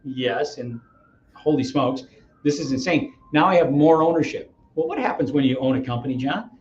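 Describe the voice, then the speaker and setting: A middle-aged man, a real estate agent, telling an energetic, persuasive story as a guest in an interview. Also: mid-range voice, moderate pace, roomy sound, highs cut off, a little hiss or hum. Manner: energetic, acts out dialogues, persuasive.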